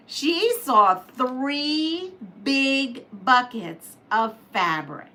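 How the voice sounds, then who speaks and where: A woman hosting a quilting livestream, reading out a homemade story and chatting with viewers, animated and laughing at her slips. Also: a little high, slow pace. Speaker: quilting channel host.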